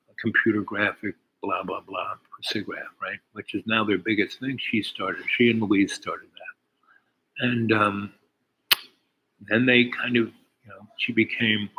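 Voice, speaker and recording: A man's voice: lowish voice, fairly bright tone, a little hiss or hum, rough recording. Older man rambling through a story. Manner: meandering, full of "you know" and restarts. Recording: crowd chatter behind. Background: crowd chatter.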